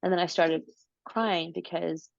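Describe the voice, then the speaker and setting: Woman interview guest, low voice, animated storyteller, dry muffled recording. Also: a little slow, creaky, dry recording. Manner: animated, repeats words, acts out her own quotes. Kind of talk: casual storytelling.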